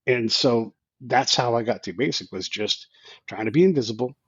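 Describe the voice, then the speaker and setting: A man's voice: mid-range voice, moderate pace, breathy edge, no echo, lo-fi sound. A man in his fifties, a podcast guest, telling a rambling story with many restarts and quoted asides. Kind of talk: casual storytelling.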